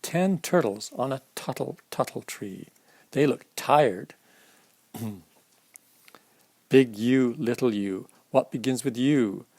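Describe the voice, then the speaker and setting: A man's voice: mid-range voice, lively intonation, slow, long pauses, a little mellow, no echo. A man reading a children's alphabet picture book aloud at storytime, stopping to explain the pictures to young listeners. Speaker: storytime reader.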